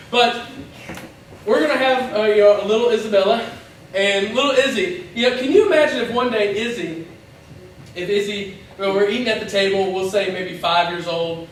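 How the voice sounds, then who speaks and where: High-voiced pastor in an echoey hall. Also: male voice, a little hiss or hum. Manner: lively storytelling with acted-out voices and asides. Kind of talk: sermon. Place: church. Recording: echoey church hall from far off.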